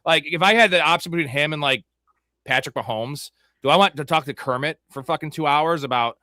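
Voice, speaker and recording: A man's voice: a little high, brisk, sharp tone, no echo. A man hosting a live podcast, chatting casually, laid-back and jokey with plenty of swearing. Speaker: show host.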